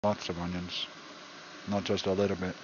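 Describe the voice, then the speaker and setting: A man's voice: low-pitched, level tone, normal speed. A man cooking on a casual stream, rambling and joking and repeating himself as he works. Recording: dull lo-fi sound with background noise.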